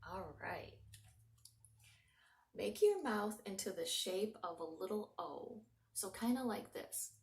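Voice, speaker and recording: A woman leading young children through a breathing lesson in a soft, encouraging voice that sometimes drops to a whisper. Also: medium pitch, lively intonation, slow. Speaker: children's librarian leading a mindfulness story time. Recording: roomy home recording from a distance.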